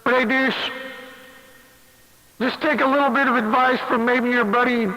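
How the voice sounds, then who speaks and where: A man's voice: very high-pitched, fairly even intonation, moderate pace, pushed and bright. A man on a CB radio channel, mocking and swearing at another operator between bursts of laughter. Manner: mocking, profane, laughing taunts. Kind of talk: on-air radio banter. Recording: hissy CB radio with long reverb.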